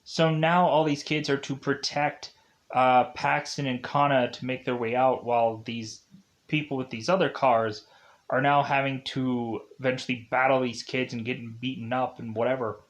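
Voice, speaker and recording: A man's voice: mid-range voice, steady tone, normal speed. A man giving a casual, rambling plot recap of a movie, full of fillers and self-corrections. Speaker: movie reviewer.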